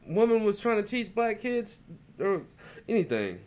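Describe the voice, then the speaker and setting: A man with a high voice that leaps all over its range, talking casually on a podcast. He sounds incredulous and swears freely. He tends to repeat his exclamations over and over. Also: very animated, moderate pace, darkish tone. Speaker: podcast co-host. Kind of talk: casual chat.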